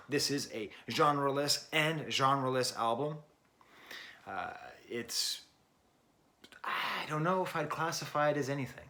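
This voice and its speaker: A man's voice: medium pitch, bright, forceful tone. Chatty, rambling male music reviewer. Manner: rambling and self-correcting, with many fillers and restarts; chatty and wry, with little laughs. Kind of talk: casual spoken record review.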